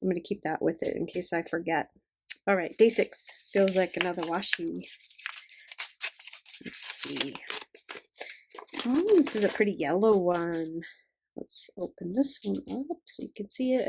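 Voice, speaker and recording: Older woman, soft gushing unboxing chat, kept quiet, a bit low-pitched. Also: vocal fry, slight background noise. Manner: hushed, gushing, fond. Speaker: vlogger.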